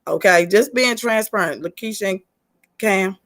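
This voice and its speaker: A woman leads a leadership talk over a video call. She is chatty and candid and speaks straight to her listeners. Her voice sits at an ordinary middle pitch. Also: moderate pace, fairly bright tone. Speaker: host leading a leadership session. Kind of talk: casual presentation on a video call.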